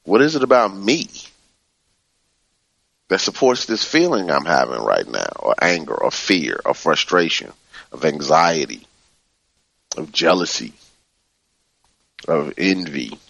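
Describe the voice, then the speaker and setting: A man leading a spiritual book study, reading passages and explaining them slowly and calmly, often repeating soothing phrases. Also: rumbling low, creaky, slightly rough, no echo.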